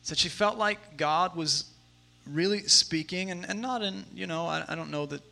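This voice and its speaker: Bright-voiced man in his thirties preaching. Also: high voice, normal speed, creaky, faint music behind. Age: 30s. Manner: conversational, shifting from hushed to emphatic. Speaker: pastor. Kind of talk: sermon.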